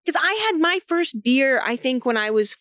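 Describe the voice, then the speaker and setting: A woman in her thirties co-hosting a podcast, telling stories in a lively way, swearing freely and laughing often. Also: sits high, moderate pace, no echo, clean studio sound. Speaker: podcast co-host. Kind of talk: casual chat.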